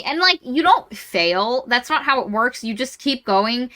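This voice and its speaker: A woman co-hosting a casual book review podcast, retelling scenes with lively acted-out quotes. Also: a little high, measured pace, hardly any pauses. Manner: animated retelling, acts out characters' lines. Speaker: podcast co-host.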